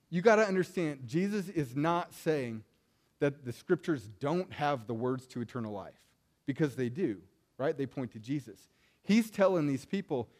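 Male preacher with a slightly high voice, casual storytelling delivery that keeps asking "right?". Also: lively intonation, moderate pace, darkish tone. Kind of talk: conversational sermon.

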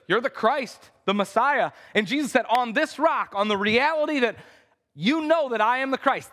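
A pastor preaching a conversational sermon in a church, acting out the quotes in voices. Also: male voice, very high-pitched, pushed and bright. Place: church sanctuary. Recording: reverberant church hall.

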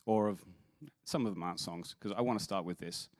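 A man's voice: sits low, a little fast, no echo, clean studio sound. A man speaking as a worship leader, giving an earnest sermon-style talk that stumbles over restarts and then rises into emphatic quoted scripture.

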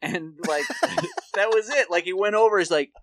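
A man's voice: sits high, normal speed, dry recording. A man co-hosting a comedy podcast, telling a long story in a loose, swearing, laughing way. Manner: animated storyteller, laughs often, swears freely. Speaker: podcast co-host. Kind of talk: casual comedic chat.

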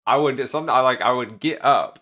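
A young man of eighteen telling a story in a hesitant, halting way on a casual podcast. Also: mid-range voice, sharp tone. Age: young adult. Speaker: podcast guest. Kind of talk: casual chat.

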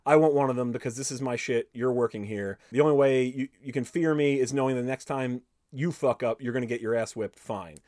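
A man hosting a podcast, reading an interview aloud with animated, profane storytelling and cutting in with his own comments. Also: mid-range voice, brisk, dry recording, studio quality. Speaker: podcast host.

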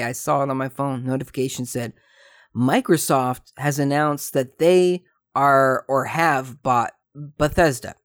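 A man hosting a podcast, telling stories in an animated, jokey way with frequent tangents. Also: medium pitch, no room sound, studio quality. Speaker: podcast host. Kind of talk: casual storytelling monologue.

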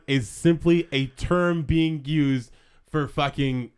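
Male co-host, argumentative, swears freely, slightly high voice. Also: fairly even intonation, darkish tone, clean tone. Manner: argumentative, deliberate, profane. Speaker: podcast co-host. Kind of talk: casual chat.

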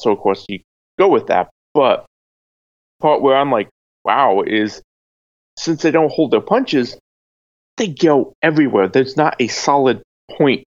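A guest in a casual panel discussion, rambling and animated with lots of likes and I-means. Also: medium pitch, lo-fi sound.

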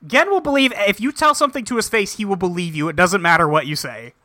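A man casually recapping an episode with a co-host, swearing freely and acting out the characters in quick quotes. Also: sits high, expressive, sharp tone, no echo. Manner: loose, profane, acts out characters in quick quotes. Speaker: podcast co-host recapping an anime. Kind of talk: casual chat.

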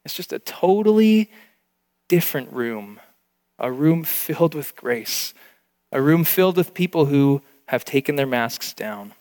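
A man's voice: on the high side, animated, unhurried, a little mellow. Earnest male pastor in a reverberant hall. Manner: earnest, emotional at times, with frequent restarts. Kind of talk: sermon.

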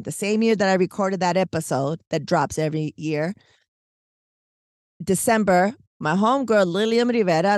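A woman co-hosting a podcast, telling a long story in casual, animated, slangy chat, full of "like" and "right?". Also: fairly low pitch, no echo, clean studio sound. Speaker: podcast co-host.

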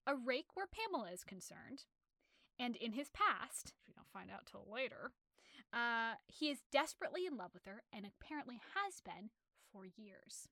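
A woman with a bright, crisp voice sits close to the mic and chats about a novel, with no room sound around her. She retells the plot in an animated, rambling way, full of fillers and restarts, and her voice sits a little above the usual range. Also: a little high, normal speed, no echo. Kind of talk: casual literary discussion.

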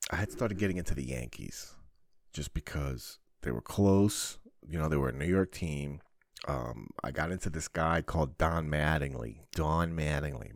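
Deep-voiced man telling rambling stories. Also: darkish tone, dry recording, studio quality. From New Jersey, US. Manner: rambling, profane, jokey. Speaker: podcast host. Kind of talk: personal storytelling monologue.

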